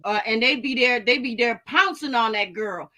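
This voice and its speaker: A woman host chats casually on her livestream. Her voice is high and bright, full of quick fillers and agreeing sounds. She keeps the talk loose and friendly. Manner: chatty, lots of fillers and agreeing interjections.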